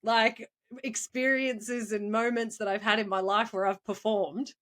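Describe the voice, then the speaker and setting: A young woman, a schoolteacher and podcast co-host, telling animated stories in casual chat and laughing often. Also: mid-range voice, a little slow.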